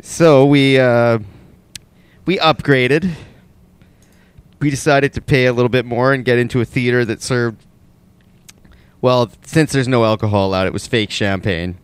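A man's voice: mid-range voice, measured pace, long pauses, clean tone, dry recording. Teasing man who laughs easily. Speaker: podcast co-host. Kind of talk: casual chat.

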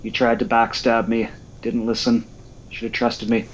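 A man's voice: mid-range voice, completely flat delivery, normal speed, lo-fi sound, slight background noise. Dry-voiced man prompting in casual chat. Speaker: podcast co-host and coach.

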